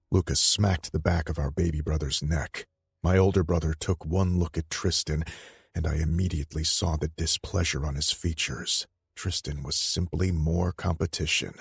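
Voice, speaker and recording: A man narrating an audiobook in the first person, measured and steady, on a close studio mic. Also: deep voice, gravelly, breathy edge, dry recording.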